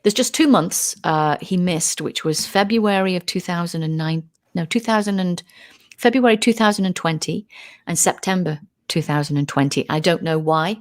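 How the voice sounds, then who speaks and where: Woman in her middle years, chatty interview guest, lowish voice, does the voices of people she quotes. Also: moderate pace. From United Kingdom. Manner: animated, acts out quoted voices. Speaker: guest, UFO researcher. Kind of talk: casual interview storytelling.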